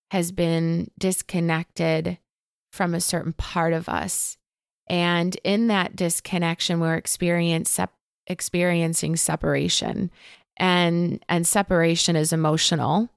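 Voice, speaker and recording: A woman teaching about Akashic Records in a casual interview, talking gently and openly, telling stories with many fillers. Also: on the low side, gravelly, clean tone, dry recording, studio quality. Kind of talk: casual spiritual chat.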